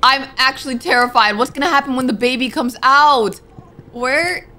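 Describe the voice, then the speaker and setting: A woman's voice: high voice, normal speed, sharp tone. A young woman commenting on her gameplay, talking to herself and jumping with nervous exclamations, with game music behind her. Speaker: gaming streamer.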